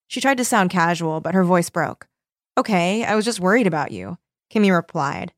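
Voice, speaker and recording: Lively woman co-host who reads passages and acts out lines, dry studio sound. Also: fairly low pitch, normal speed, no echo. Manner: animated, laughing, acts out characters' lines. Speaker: podcast co-host. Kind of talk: casual chat reading and recapping a horror novel.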